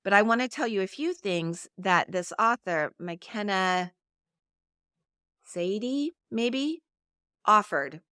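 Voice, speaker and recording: A woman's voice: medium pitch, animated, slow, pauses often, pushed and bright, clean tone, dry recording, studio quality. A middle-aged woman hosting a solo podcast, talking in an earnest, conversational coaching tone. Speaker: podcast host.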